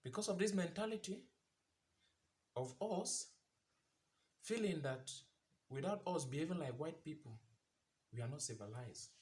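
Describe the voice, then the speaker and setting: Preachy man with a lively pitch. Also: unhurried, pauses often. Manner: preachy, asks rhetorical questions, repeats phrases for emphasis. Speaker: vlogger. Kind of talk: impassioned commentary monologue.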